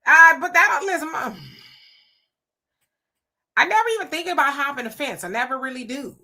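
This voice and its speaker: A woman's voice: high-pitched, brisk, pushed and bright. A middle-aged woman from Southern California hosting a casual live stream, chatting and laughing as she talks back to her viewers. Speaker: live-stream host reading chat.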